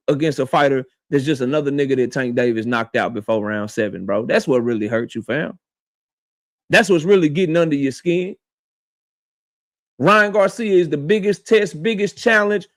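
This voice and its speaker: A man with a high-pitched voice rants as a boxing channel host, speaking straight to the person he is calling out. He is confrontational and swears freely. He hammers each point by saying it more than once. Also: dry recording, studio quality. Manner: confrontational, profane, repeats his points; addresses his target directly. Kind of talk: heated commentary rant.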